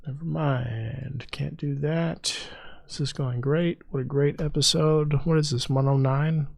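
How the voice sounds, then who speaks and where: A man's voice: a little high, unhurried, gravelly, dry recording. A man co-hosting a podcast, chatting casually and sarcastically, telling stories with lots of energy and joking bits. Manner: joking, sarcastic, animated storytelling. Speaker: podcast co-host. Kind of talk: casual chat.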